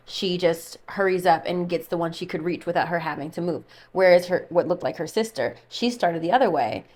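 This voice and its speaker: Tarot reader, woman, slightly low voice, casual chatty delivery, muses aloud. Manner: chatty, musing, thinks aloud while pulling cards.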